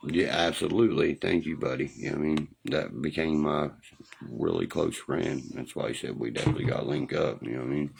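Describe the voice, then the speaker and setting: A man's voice: extremely low pitch, a little fast, creaky, a little mellow, a little hiss or hum, poor audio. A middle-aged man talking on a home livestream into a phone, rambling and profane, forever asking whether you know what he means. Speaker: livestream host.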